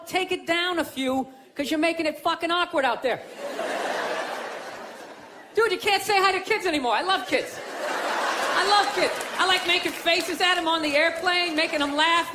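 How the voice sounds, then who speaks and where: High-voiced male comic over a roaring crowd. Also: background noise. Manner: sarcastic, rambling, mock-complaining. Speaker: stand-up comedian. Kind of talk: stand-up routine. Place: comedy club stage. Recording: live club recording, loud audience.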